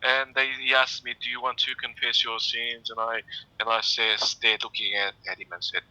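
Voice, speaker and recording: Male guest, very bright tone, halting anecdotal casual chat. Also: mid-range voice, level tone, no echo, poor audio. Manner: rambling anecdotes with many fillers. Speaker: archaeologist guest.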